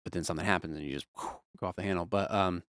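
A man who works as a production manager, talking candidly in a casual interview and telling animated stories with some casual swearing. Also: sits low, racing, dry recording, clean studio sound. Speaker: production manager at a music venue.

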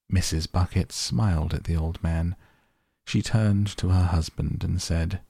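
Male audiobook narrator, husky, deep, steady storyteller. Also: a little slow, no echo, clean studio sound.

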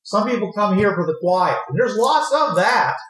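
A drawling, folksy frontier wagon driver, as a man puts him on, with a fairly high voice. He rambles along in a friendly way. The sound is echoey, as if in a bare room. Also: expressive, normal speed, a bit bright. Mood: chatty. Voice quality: drawling, says "partner" and "ain't". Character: folksy old-West male wagon driver.

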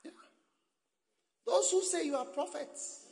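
High-pitched, animated preacher in echoey hall. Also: male voice, unhurried, creaky. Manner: animated, swings from low murmurs to shouted exhortation. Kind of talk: sermon.

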